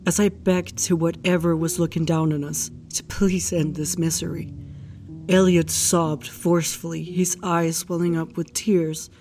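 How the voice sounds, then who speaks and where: A woman narrating in the first person for an audio drama, in a hushed, grief-stricken retelling. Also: fairly low pitch, slight background noise. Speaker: narrator recounting a case file.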